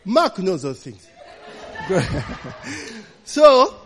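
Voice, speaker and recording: A man's voice: high voice, huge pitch swings, extremely slow, long reverb tail. A man preaching a storytelling sermon, chatty and laughing, often tagging lines with "you know, eh?".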